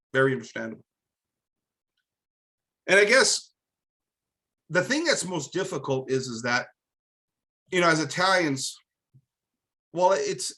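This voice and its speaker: A man's voice: a little high, fairly bright tone, rough recording. A man from America hosting a live commentary monologue, emphatic and preachy, often tossing in "right?". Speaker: host.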